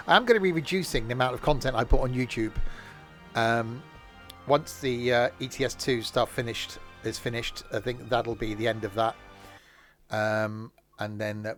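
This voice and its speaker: A hoarse man chatting casually as he streams a train game, rambling with plenty of fillers and self-corrections. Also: medium pitch, a bit bright. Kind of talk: casual live-stream commentary.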